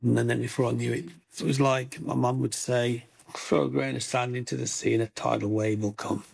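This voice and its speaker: An older man, a guest in an interview, telling his life story with lively acted-out quotes. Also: medium pitch, brisk, gravelly. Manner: animated storyteller acting out quoted voices.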